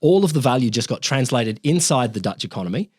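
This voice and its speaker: A man co-hosting a casual history podcast, his pitch rising and falling constantly as he explains. He talks loosely, restarts sentences and swears now and then. The sound is dry and close, with no room echo. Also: animated, fast talker, a little mellow, breathy edge.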